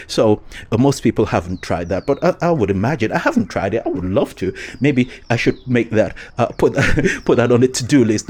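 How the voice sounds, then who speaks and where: A man's voice: lowish voice, a little mellow. A man vlogging in a casual, rambling monologue, hesitant with many fillers and restarts and frequent chuckles.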